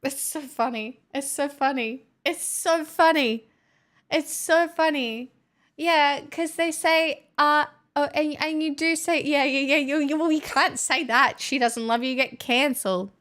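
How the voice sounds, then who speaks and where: A woman's voice: sits high, fairly even intonation, a little slow, fairly bright tone. A young Australian woman chatting casually on a live stream, playful and a little dramatic. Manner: playful, self-mocking, dramatic. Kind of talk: casual chat.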